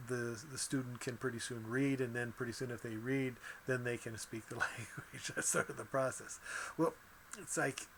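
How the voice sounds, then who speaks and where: A man gives a loose, conversational lesson, circling back on his words and chuckling between points. His voice sits at an ordinary middle pitch, with a faint hiss of background noise under the recording. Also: fairly bright tone. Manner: rambling, self-correcting, chuckles often. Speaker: teacher. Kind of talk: casual lecture.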